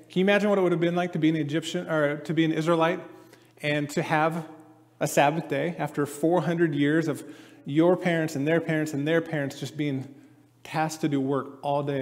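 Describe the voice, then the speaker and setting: Guy preaching a sermon, kinda high voice, long hall echo, chatty, acts out quotes. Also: little pitch movement, fast, a little mellow. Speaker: pastor.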